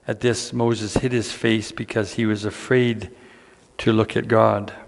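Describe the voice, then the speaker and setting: Slow preaching guy, gravelly voice, church hall echo, earnest. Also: on the low side, little pitch movement. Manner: slow, earnest preaching with dramatic pauses and repeated lines. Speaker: pastor. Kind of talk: sermon. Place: church sanctuary.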